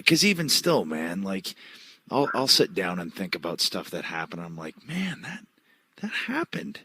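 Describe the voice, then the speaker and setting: A man hosting an interview podcast, asking questions in a relaxed, chummy, teasing way. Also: sits low, moderate pace. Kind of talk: casual interview chat.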